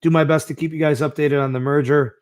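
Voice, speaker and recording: A man's voice: fairly high pitch, steady tone, quick pace, a little mellow, no room sound, studio quality. A man hosting a live-stream podcast in a laid-back way, reading out and answering the live chat with plenty of fillers. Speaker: podcast host.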